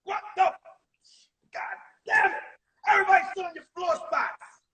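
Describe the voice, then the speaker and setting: A man playing a loud, drunk, out-of-shape male gym teacher who yells and curses, exasperated, on a livestream. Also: very high-pitched, steady tone, normal speed, echoey room, voice pushed up. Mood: angry yelling. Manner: yelling, cursing, exasperated. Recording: distant mic on a phone livestream.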